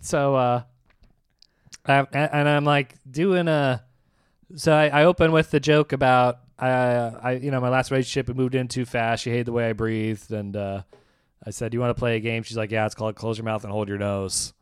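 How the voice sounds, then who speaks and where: A man's voice: mid-range voice, moderate pace, clear, resonant tone, no echo. Man, stand-up comic, chatty storytelling, acts out quotes, laughs a lot, dry close sound. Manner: animated storyteller acting out quotes, laughs often. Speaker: stand-up comedian. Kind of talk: casual podcast chat, storytelling.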